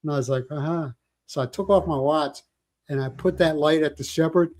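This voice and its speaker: A man's voice: fairly high pitch, brisk, darkish tone. An older man hosting a casual livestream chat, telling rambling stories and joking with viewers. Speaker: livestream host.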